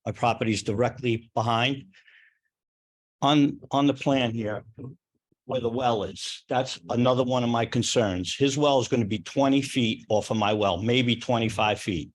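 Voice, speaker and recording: A man's voice: medium pitch, moderate pace. An older man speaking at a town planning board hearing, plainspoken, emotional and repetitive as he objects. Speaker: resident speaking at a public hearing. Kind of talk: impassioned public comment. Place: town meeting room.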